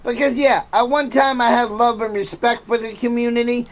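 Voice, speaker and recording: A man's voice: extremely high pitch, little pitch movement, normal speed. A man in an angry livestream rant, bitter, aggrieved and heavy with profanity, agitated and sometimes near tears.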